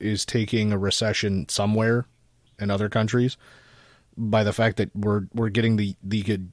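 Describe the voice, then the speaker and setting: A man's voice: lowish voice, little pitch movement, moderate pace, no echo, clean studio sound. A young adult man co-hosting a podcast, telling a story in a laid-back, casual chatty way with the odd swear word. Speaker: podcast co-host. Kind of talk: casual chat.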